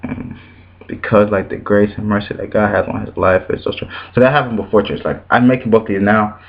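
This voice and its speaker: A young man vlogging, telling a personal church story with emotion, animated and repetitive, his voice leaping high when he quotes people. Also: fairly quick, gravelly, muffled recording. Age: young adult.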